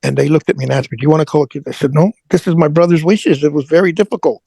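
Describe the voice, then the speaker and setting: A middle-aged man, an interview guest, telling an emotional personal story in a halting way, often repeating words as he goes. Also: a little high, steady tone, vocal fry, warm tone, husky, no echo, poor audio. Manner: halting, repeats words, prays aloud in retelling.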